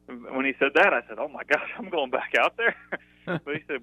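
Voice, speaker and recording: A young man speaks as an interview guest on a phone call, his voice thin and boxed-in, with no room around it. He rambles happily, full of fillers, often laughing as he tells his stories. His pitch sits in the middle. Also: animated, fairly quick, no echo. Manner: chatty, many fillers, laughs through stories. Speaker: guest, former college pitcher. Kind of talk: casual interview storytelling. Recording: dry tinny phone line.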